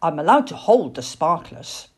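A woman's voice: lowish voice, very animated, moderate pace, breathy edge. A woman reading a storybook and voicing an eager, chatty little boy. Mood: excited. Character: excited little human boy.

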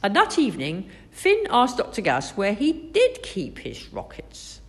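A woman reading a children's story aloud in an expressive, sing-song way. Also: mid-range voice, a little slow.

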